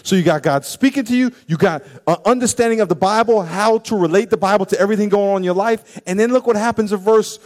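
A man preaching a sermon, animated and acting out scenes and quoted voices for the congregation. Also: high voice, fast, hardly any pauses. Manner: animated, acts out stories and quotes. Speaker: pastor.

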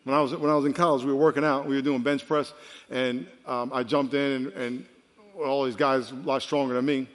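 Animated pastor in a reverberant hall. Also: male voice, mid-range voice, a little fast. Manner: animated storytelling, swings from quiet to loud. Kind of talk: sermon. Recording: long reverb of a large hall.

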